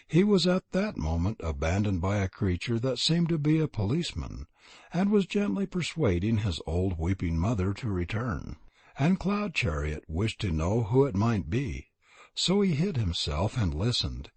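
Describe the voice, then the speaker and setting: A man giving scripted audiobook narration in a measured storytelling manner, with a husky voice. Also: lowish voice, a little mellow, no echo.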